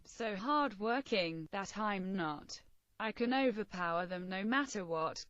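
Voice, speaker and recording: Woman narrator, mid-range pitch, earnest and intense first-person storytelling, dry and slightly muffled recording. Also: fairly bright tone, no room sound.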